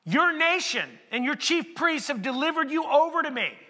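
A man putting on a cold, dismissive Roman governor speaks bluntly and offhand. The voice is high and very bright. It rings with the long reverb of a big hall. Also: very animated, moderate pace, full character voice.

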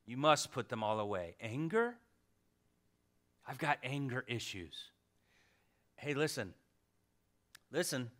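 Passionate pastor with a bright lively voice. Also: male voice, on the high side. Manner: passionate, swings from loud to hushed, jokes with the congregation. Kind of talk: sermon. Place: church sanctuary.

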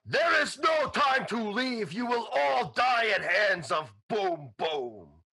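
A man voicing a boastful, hot-tempered barbarian warrior who speaks broken English, refers to himself in the third person and shouts his threats slowly. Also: sits high, sing-song, husky, pitched above the performer's own voice, full character voice. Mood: bellowing.

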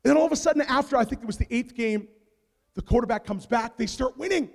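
High-voiced preacher man in a reverberant hall. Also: quick pace, gravelly. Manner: animated storyteller, swings from hushed asides to shouts. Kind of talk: sermon storytelling. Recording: long reverb of a large hall.

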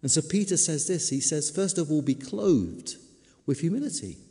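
A man preaching a sermon, emphatic, slowing down and repeating key words for stress. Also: fairly high pitch, very animated, mellow. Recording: long reverb of a large hall.

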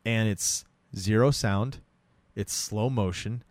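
A man's voice: fairly low pitch, takes it slowly, no room sound. A man casually retelling a film scene in a chat, acting out the characters' lines as he goes. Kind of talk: casual movie recap chat.

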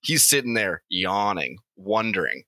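A man's voice: deep voice, big pitch swings, measured pace, bright, forceful tone, no echo. Man, podcast host, improvised comic story, rambling, crude, swearing, dry close mic.

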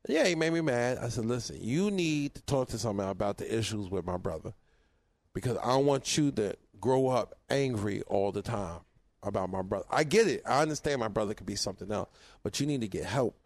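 A man co-hosting a podcast in casual chat, an animated storyteller who acts out his relatives' lines. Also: fairly low pitch, a little fast, dry recording. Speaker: podcast co-host.

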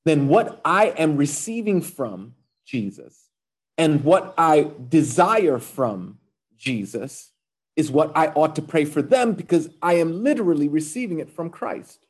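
Male pastor, fairly high voice, chatty sermon with jokes and stumbles. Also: very animated, unhurried, husky. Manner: conversational, joking, many fillers and restarts.

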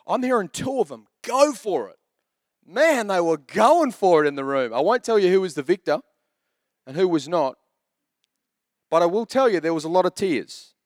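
Lively high-voiced joking male pastor. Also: moderate pace, long pauses, no room sound, clean studio sound. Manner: chatty, joking storyteller. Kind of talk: sermon.

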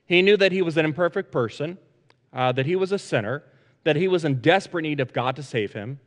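A male pastor preaches to his congregation, restating points and pausing on frequent "uh" sounds. His voice sits a touch higher than most men's, and the room adds a long, ringing reverb. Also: expressive. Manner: repetitive, measured, frequent "uh" fillers. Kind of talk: sermon. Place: church sanctuary. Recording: long reverb in a large sanctuary.

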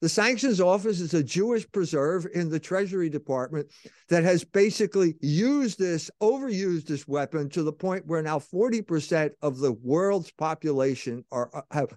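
A male co-host on a political talk show argues in a high, emphatic voice. His tone is sardonic, and the sound is dry with no room around it. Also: darkish tone, no echo.

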